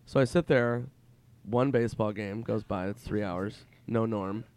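A man telling stories as a guest comedian in casual chat, animated and profane. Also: fairly low pitch, measured pace.

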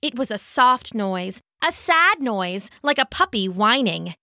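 Bright, expressive woman storyteller. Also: fairly high pitch, a little slow, no echo, clean studio sound. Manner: gentle, expressive. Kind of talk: children's story narration.

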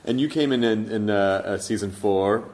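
A man's voice: lowish voice, moderate pace, darkish tone. A man hosting an interview podcast, talking casually with enthusiasm and frequent stammered restarts. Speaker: podcast host.

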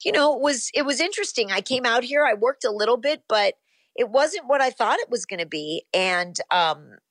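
A woman in her fifties, an actress being interviewed, recalling her past in a relaxed, rambling way full of ums and you-knows. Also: a little high, moderate pace, dry recording. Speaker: actress guest. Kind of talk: casual interview.

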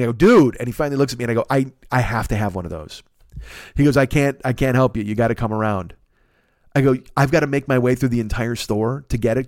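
A man telling a comic story in a podcast, animated and profane, acting out the people he quotes. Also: medium pitch, dry recording, clean studio sound. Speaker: podcast host.

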